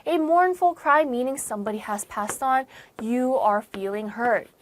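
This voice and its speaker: American woman teaching vocabulary, lively stresses. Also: moderate pace, a little hiss or hum. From United States. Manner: repeats and rephrases, stressing key words with lively pitch jumps. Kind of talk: explanatory online lesson.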